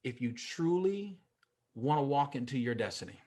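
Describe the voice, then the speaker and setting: A man giving a motivational speech, emphatic and repetitive, with sudden swings in pitch and loudness. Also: animated, normal speed. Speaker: motivational speaker.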